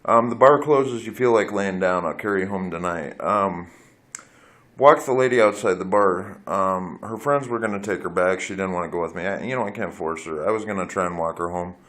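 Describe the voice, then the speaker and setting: A man's voice: sits low, fairly quick, a bit bright. A man telling a rambling personal story into his phone camera, candid and blunt, swearing freely and wandering off on tangents. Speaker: vlogger.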